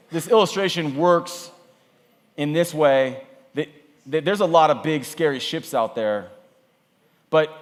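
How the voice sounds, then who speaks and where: Energetic man preaching in an echoey hall. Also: fairly high pitch. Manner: energetic, conversational preaching with repetitions. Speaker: camp speaker. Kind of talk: youth camp sermon. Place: camp meeting hall.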